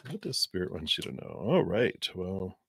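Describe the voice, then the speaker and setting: A man giving live-streamed tarot readings in a gentle, encouraging way, rambling a little with fillers. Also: low voice, huge pitch swings, moderate pace, vocal fry, slight background noise. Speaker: tarot reader.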